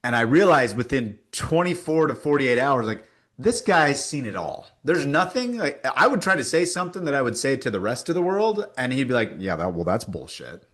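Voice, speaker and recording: A man speaking as an interview guest. His pitch swings widely as he tells the story with emphasis and acts out quoted dialogue. He talks at a middling pitch. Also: very animated, moderate pace, fairly bright tone. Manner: frequent fillers and restarts, emphatic. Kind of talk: casual conversational interview.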